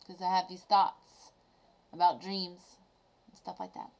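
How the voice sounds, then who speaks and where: A woman vlogger casually retelling a children's story to camera, animated and reflective. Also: on the low side, a little slow, pauses often.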